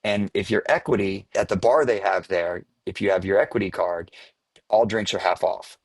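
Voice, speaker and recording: A man's voice: low-pitched, normal speed, no echo. A man from the American Midwest, an actor guest, animatedly telling an on-set story in casual podcast chat. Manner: animated storyteller who laughs at his own tale.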